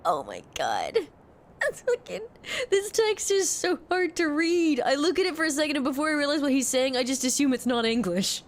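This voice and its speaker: A woman's voice: high-pitched, sing-song, a little fast, hardly any pauses. A woman streaming a video game, commenting casually, giggling and swearing as she muses aloud.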